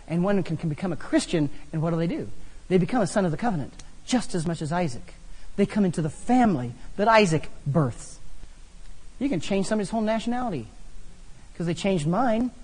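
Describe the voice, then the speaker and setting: A man preaching a sermon, telling funny personal stories with animated delivery. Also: sits high, slightly rough. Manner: animated, humorous storytelling. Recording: long hall reverb.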